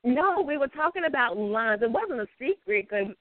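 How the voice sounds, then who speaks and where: A woman with a Southern US accent, chatting as a guest on a talk show and telling stories in an animated, drawling way. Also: sits high, moderate pace, dry recording. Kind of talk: casual chat. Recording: dry, phone-like sound.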